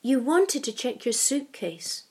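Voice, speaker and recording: A woman's voice: high-pitched, sing-song, slow, mellow, slightly rough, pitched above the performer's own voice, heavily acted. A woman voicing a polite, mild young man in a storybook reading, asking tentative questions.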